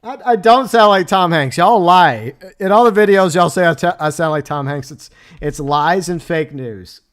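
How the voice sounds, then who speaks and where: A man's voice: a little high, moderate pace, a bit bright. A man hosting a casual livestream, chatting and laughing as he answers messages from his chat. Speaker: livestream host.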